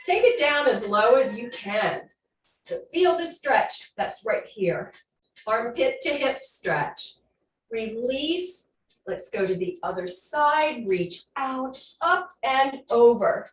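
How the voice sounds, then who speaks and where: Woman fitness instructor, unhurried soothing cues, slightly off-mic in a roomy space with a faint hum. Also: fairly high pitch, recorded from a distance. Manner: calm guiding cues, then slow soothing breath work. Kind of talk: live online fitness class instruction.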